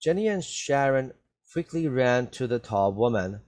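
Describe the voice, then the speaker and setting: A man's voice: mid-range voice, normal speed, vocal fry, a little mellow. A male English teacher who explains words to young learners patiently and repeats each point with "okay?". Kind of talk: slow reading lesson for learners.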